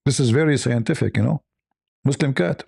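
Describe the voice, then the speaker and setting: A man's voice: fairly quick, creaky, darkish tone, slightly rough, no echo, studio quality. A man hosting a casual talk show, rambling through a story with many restarts and fillers. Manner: rambling, many restarts and fillers, squeaky voices when quoting. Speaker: host.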